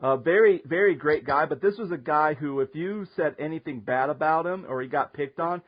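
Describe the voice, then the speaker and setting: A man tells a story in a casual talk, his voice sitting a little high. He is animated and laughs often along the way. The sound is muffled and lo-fi. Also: brisk. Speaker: podcast host. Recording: muffled lo-fi audio.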